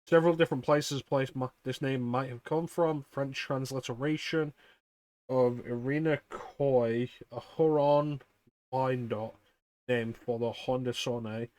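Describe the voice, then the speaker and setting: A man's voice: medium pitch, steady tone, a little mellow, no room sound. A man hosting a game stream, chatting casually and swearing as he jokes and reads things aloud. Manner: crude, joking, reads aloud haltingly. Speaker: streamer host. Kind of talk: casual chat while gaming.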